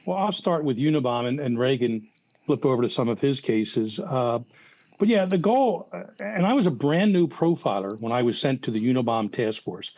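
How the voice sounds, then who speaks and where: Older Philly ex-profiler, dull dry audio. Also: male voice, medium pitch, lively intonation, moderate pace, a little mellow, no echo. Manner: rambling anecdotes with many restarts and fillers. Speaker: guest, former FBI profiler. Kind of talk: casual podcast storytelling.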